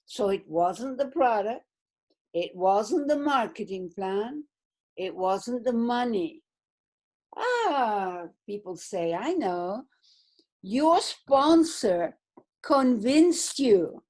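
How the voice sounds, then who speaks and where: A woman's voice: mid-range voice, animated, takes it slowly, darkish tone. A middle-aged woman telling a motivational business story on a remote call, acting out the voices of the people she quotes. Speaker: business speaker.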